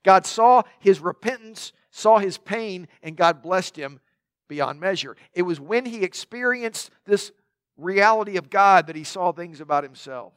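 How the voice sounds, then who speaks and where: A man's voice: sits high, animated, unhurried, fairly bright tone, clear, resonant tone, no room sound. A man preaching a sermon in a conversational way, with joking asides to the congregation. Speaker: pastor.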